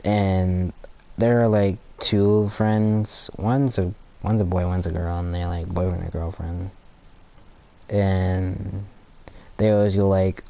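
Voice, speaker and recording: A teenage boy with a deep, low-pitched voice rambles about friendships in a casual, halting way, stopping and restarting his thoughts. His teeth are sore from aligners, and he sometimes acts out his friends in little quoted voices. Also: level tone, mellow, clean tone. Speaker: gaming channel creator. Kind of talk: casual rambling talk while gaming.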